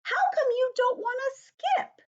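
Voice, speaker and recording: A woman voicing a cheerful young schoolgirl in a storybook read-aloud, with a high, loud, sing-song delivery. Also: expressive, a little slow, dull audio.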